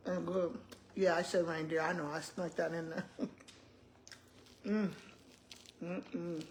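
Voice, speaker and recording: A woman's voice: fairly low pitch, level tone, slow pace, darkish tone, a little hiss or hum. Chatty woman in her sixties. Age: 60s. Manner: chatty, addresses viewers as y'all, hums and murmurs while chewing. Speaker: retired school principal. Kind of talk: casual chat while eating on camera.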